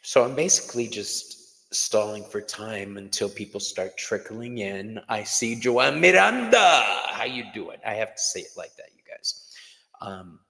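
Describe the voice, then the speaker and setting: A middle-aged man chats loosely on a livestream, greeting viewers one by one and wandering off topic. His voice sits fairly low and comes out gravelly with plenty of fry. He takes his time, speaking at an unhurried pace. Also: expressive, bright, forceful tone, rough recording. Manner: chatty, rambling, greets viewers by name. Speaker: tarot reader hosting a live class. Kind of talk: casual livestream chat.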